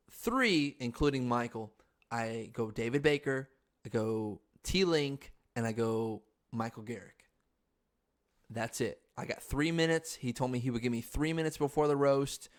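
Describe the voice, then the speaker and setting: A young man hosting a podcast, telling a story in a frantic, excitable, swearing casual chat. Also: mid-range voice, a little slow. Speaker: podcast host.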